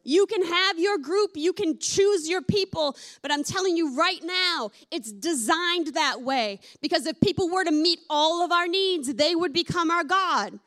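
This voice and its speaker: A woman's voice: very high-pitched, a little slow, hardly any pauses, fairly bright tone. A woman preaching a sermon in a candid, conversational way. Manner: conversational, candid, with many fillers like "like". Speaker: pastor.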